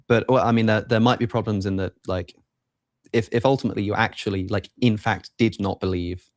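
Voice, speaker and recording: A man's voice: fairly low pitch, fairly even intonation, fairly quick, a little mellow, dry recording, studio quality. A British man arguing a philosophical point, hesitant and repeating words as he reasons. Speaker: debate guest in reviewed clip. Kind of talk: philosophical argument.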